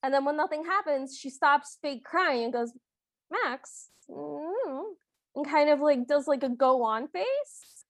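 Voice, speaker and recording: A woman with a high voice chats playfully on a podcast, often laughing and slipping into the characters she describes. The sound is dry and close-miked. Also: animated, unhurried, no room sound. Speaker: podcast co-host. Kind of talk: casual chat recapping a film.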